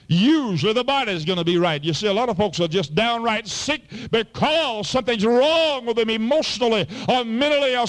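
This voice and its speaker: A man preaching with a drawl, his voice sitting high and bright. He works the congregation with fervent appeals, dropping to low murmurs and climbing back up. It is the steady rhythm of a pastor delivering a full sermon.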